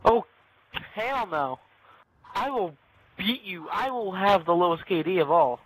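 A man's voice: high-pitched, expressive, a little slow. A teenage boy in casual gaming banter with a friend, joking, teasing and mock-boastful. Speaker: gamer. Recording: faint noise with clicks.

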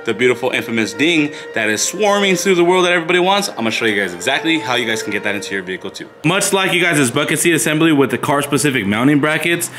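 A man's voice: on the high side, expressive, fast talker, few pauses, over music. A man hosting a casual product walkthrough for a car parts shop, chatting loosely to viewers in a store. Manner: chatty, addresses viewers as "you guys".

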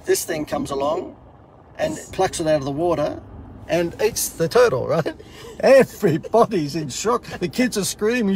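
A man's voice: a little high, expressive, normal speed, a little mellow, slight background noise. A middle-aged Australian man casually telling a funny story in a sarcastic, self-mocking way. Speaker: host.

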